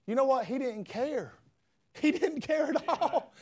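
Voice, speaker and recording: A man preaching a sermon, loud and folksy with fervent emphasis. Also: very high-pitched, lively intonation, a little slow. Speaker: pastor.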